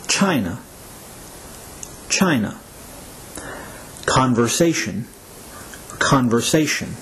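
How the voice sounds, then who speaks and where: A man teaching English pronunciation in a slow, measured scripted lesson, repeating words for learners to echo. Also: a little high, slight background noise.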